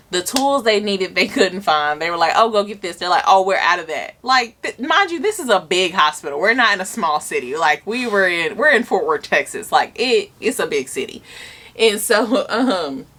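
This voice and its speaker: With a sharp tone and a voice on the low side, a young woman who vlogs and is a mother recounts something personal. Her delivery is casual and chatty, earnest and emotional, peppered with "like."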